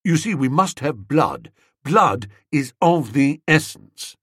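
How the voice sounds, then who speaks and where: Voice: mid-range voice, very animated, takes it slowly, husky, dry recording, clean studio sound, heavily acted. A reader doing an eager, earnest young curate.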